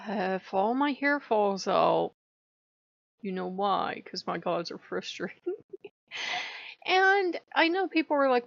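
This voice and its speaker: A woman's voice: lowish voice, lively intonation, a little slow, vocal fry, no room sound, lo-fi sound. A woman talking in a casual, wry, chatty vlog monologue about her spiritual life, laughing often. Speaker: spiritual vlogger.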